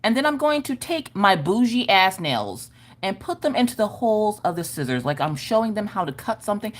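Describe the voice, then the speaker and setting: A middle-aged woman hosting a craft livestream, chatting casually and reading out viewer comments. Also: brisk. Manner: animated, swinging between squeals and low mutters.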